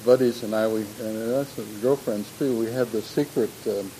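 In this reflective lecture on humor and religion, an older man talks at a moderate pace in a medium-pitched, dark voice with fairly even intonation, frequently starting over and slipping in personal asides. Slight background noise comes through the low-quality recording.

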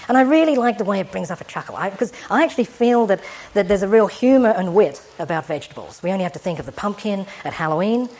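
A woman giving an evening public lecture to an audience, discursive and gently humorous in a wry way. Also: medium pitch, lively intonation, quick pace, hardly any pauses. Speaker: guest lecturer.

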